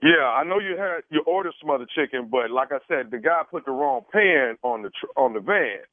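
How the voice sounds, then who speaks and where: A man's voice: mid-range voice, expressive, a little fast, dry recording. A man making a prank phone call as a radio host, talking in a hesitant, rambling, apologetic way. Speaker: radio prank caller posing as caterer. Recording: tinny dry phone line.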